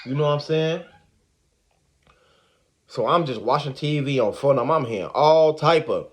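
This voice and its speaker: A man telling a story in a casual, animated, slang-heavy way, repeating the same filler words. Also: fairly high pitch, normal speed.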